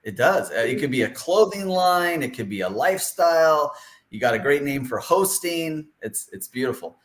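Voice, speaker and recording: A man's voice: fairly high pitch, sing-song, normal speed. A man hosting a casual interview over a video call, joking and chatty, often restarting his sentences. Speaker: interview host.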